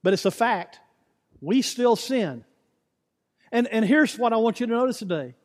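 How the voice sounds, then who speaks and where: Pastor, male, high-pitched voice, emphatic repeating sermon delivery, long church reverb. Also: expressive, normal speed. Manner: repetitive, emphatic preaching with rhetorical questions. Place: church sanctuary.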